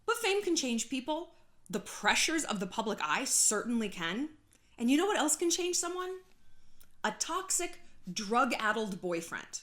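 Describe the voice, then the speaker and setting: Lively, chatty woman dishing gossip. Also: fairly high pitch, normal speed. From California. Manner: chatty, sarcastic, often laughing; frequent swearing. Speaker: YouTube host. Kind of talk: casual gossip commentary.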